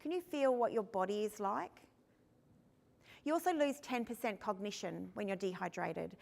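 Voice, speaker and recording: A woman who is a foster carer, giving a lively, candid workshop talk at a conference. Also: mid-range voice, gravelly. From Australia. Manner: lively and candid, with quick asides. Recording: long hall reverb.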